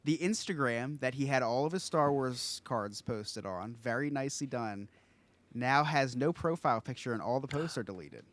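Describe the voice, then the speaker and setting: A man hosting a podcast, telling a story in an animated, excitable way and acting out what others said. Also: medium pitch, moderate pace. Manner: animated, excitable, acts out quotes. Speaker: podcast host. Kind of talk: casual storytelling chat.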